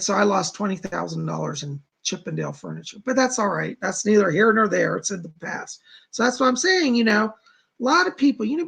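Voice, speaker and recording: A man's voice: high-pitched, creaky, fairly bright tone, breathy edge. A middle-aged man hosting a psychic live stream from home, chatting casually and reading out viewer comments. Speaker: psychic livestream host.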